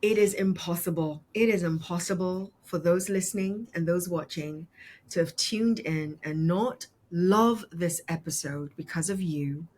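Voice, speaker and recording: A woman's voice: fairly low pitch, unhurried, a little mellow. A woman hosting a podcast interview, conversational and easily moved, laughing often. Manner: emotional, tearful at times, laughs easily. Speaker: podcast host.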